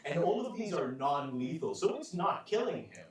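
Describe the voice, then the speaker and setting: A man's voice: a little high, sing-song, normal speed, crowd noise. A man hosting and narrating a tabletop game as game master, telling the action vividly with punchy sound effects. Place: live stage show. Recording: echoey live stage with audience from a distance.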